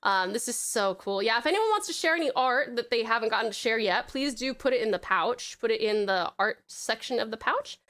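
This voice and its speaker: A woman's voice: a little high, animated, brisk, hardly any pauses, fairly bright tone. An Australian woman from Tasmania streaming and chatting casually while gaming, playful and self-mocking, with the odd swear. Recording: music playing behind. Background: game music.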